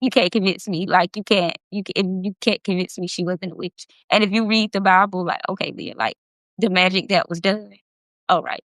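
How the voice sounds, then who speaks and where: This livestream host, a woman around thirty, has a lowish, somewhat bright voice and a moderate pace, recorded dry. She talks in an impassioned, emphatic way on her casual stream and curses freely.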